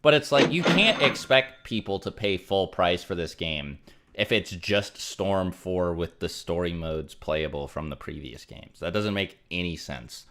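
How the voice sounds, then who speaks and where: Young man, streamer, deep voice, rambling casual chat, lots of fillers. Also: expressive, measured pace, a bit bright, slight background noise. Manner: rambling, many fillers, reads out donations.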